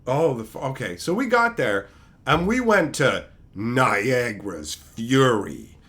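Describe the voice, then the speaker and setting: Male streamer, exasperated storyteller with a very lively, swooping pitch; profane, escalating rants. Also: takes it slowly. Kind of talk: ranting storytelling to a live chat.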